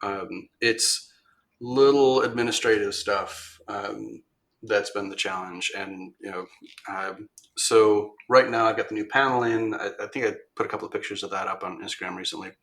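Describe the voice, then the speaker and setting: Casual storytelling from a man with a low, bright, forceful voice. He rambles through his story with plenty of ums and restarts. He livens up whenever he quotes someone else. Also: moderate pace. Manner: rambling, many ums and restarts, animated when quoting others. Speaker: podcast guest, machine shop owner.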